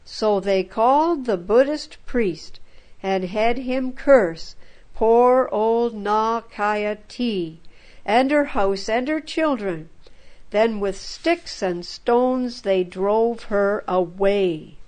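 A woman narrating a first-person story in a calm, measured manner. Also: mid-range voice.

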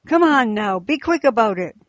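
A woman's voice: on the high side, a little slow, no echo, natural voice. A woman voicing a gang of male rebel robbers who snarl and mock threats, in a slightly muffled recording. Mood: yelling.

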